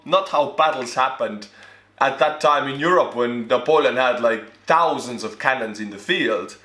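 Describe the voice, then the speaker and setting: Bright-voiced Estonian man reacting. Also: medium pitch, moderate pace. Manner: animated, exclamatory asides. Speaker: YouTuber reacting to a video. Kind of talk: reaction commentary. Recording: echoey room.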